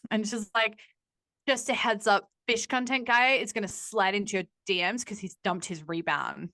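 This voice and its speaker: In a dry recording, a young woman of medium pitch speaks at a normal speed as a podcast guest. Her candid, casual story is animated and profane, with quoted voices acted out.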